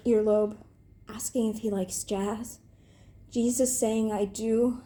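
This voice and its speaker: Young woman reading a silly fanfic, mellow tone, keeps cracking up. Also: a little high. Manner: breaks into giggles, deadpan delivery. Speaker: reader. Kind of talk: reading comedic fan fiction aloud.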